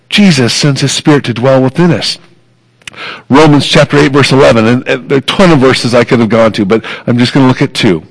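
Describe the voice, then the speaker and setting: A man's voice: medium pitch, creaky, slightly rough, poor audio. A man preaching a sermon as pastor, earnest and emphatic, repeating phrases for weight.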